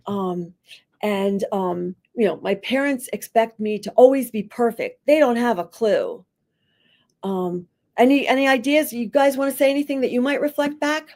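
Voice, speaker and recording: Animated woman telling a school story. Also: mid-range voice, normal speed. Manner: animated storyteller who acts out quotes with a rising voice; conversational, many fillers like "like" and "you know". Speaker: school psychologist guest. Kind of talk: podcast interview, teaching by story.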